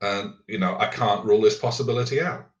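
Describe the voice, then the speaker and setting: A show host with a lowish voice runs a casual chat, speaking a little fast and hesitantly, often restarting and using fillers. The audio is echoey and muffled, picked up by a distant mic.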